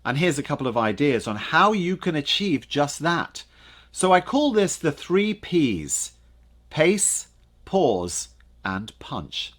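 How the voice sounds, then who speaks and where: Lively man coaching on voice. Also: a little high. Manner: dramatic pauses and punched words. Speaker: presentation coach. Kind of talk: lively coaching talk to camera. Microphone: camera.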